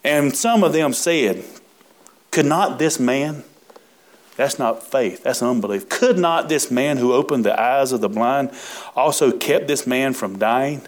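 A man preaches from scripture at an everyday pitch for a man. He is folksy and emphatic, stretching key words out slowly and turning aside to talk with his congregation. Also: animated. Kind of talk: sermon reading and expounding scripture.

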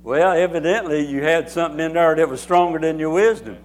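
A man's voice: fairly high pitch, a little fast. A man preaching a sermon, repeating phrases and building emphasis as he speaks. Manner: repetitive, emphatic preaching with rising intensity.

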